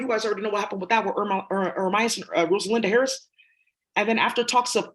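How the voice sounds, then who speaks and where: Rambling, profane woman. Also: medium pitch. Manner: rapid, profane, jumps between topics. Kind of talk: rambling monologue.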